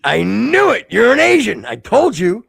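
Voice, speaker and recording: A man's voice: sits high, huge pitch swings, moderate pace, vocal fry, a bit bright, slight background noise. A man in his fifties, co-hosting a podcast with crude, teasing banter and heavy swearing. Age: 50s. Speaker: podcast co-host.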